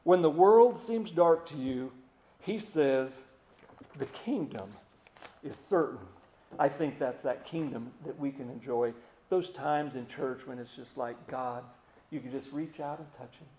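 A man preaching a sermon in a folksy way, repeating words and slowing down to hushed emphasis. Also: mid-range voice, echoey room, a little hiss or hum.

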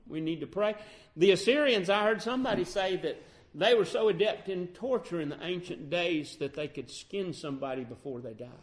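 A man preaching a sermon, acting out the pleas of Bible figures as he goes. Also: high-pitched. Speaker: pastor.

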